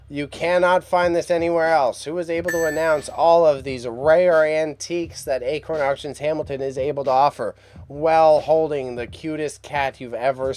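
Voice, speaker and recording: A man's voice: fairly high pitch, a little mellow. A man hosting a live-stream auction reaction in casual, upbeat commentary, chatting to his viewers and his cat.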